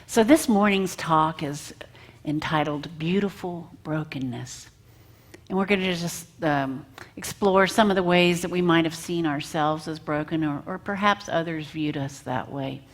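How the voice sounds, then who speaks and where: A woman giving a church talk, telling a travel story in an unhurried way. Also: low-pitched. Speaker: guest speaker and musician.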